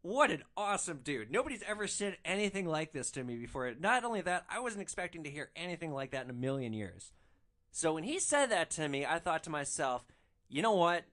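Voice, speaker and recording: Animated man telling a wild story. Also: fairly high pitch, a little fast. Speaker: podcast host, rideshare driver. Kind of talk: storytelling monologue.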